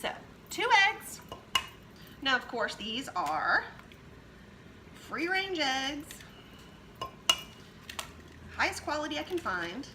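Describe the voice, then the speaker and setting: A woman's voice: sits high, sing-song, slow, pauses often, noisy background. A woman hosting a home cooking demonstration, chatting her way through each step as she works in her kitchen. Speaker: cooking show host.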